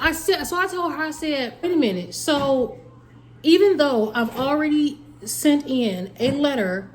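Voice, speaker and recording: A woman's voice: high voice, expressive, unhurried. A woman, casually telling a story and acting out both sides of the conversation. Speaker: family vlogger.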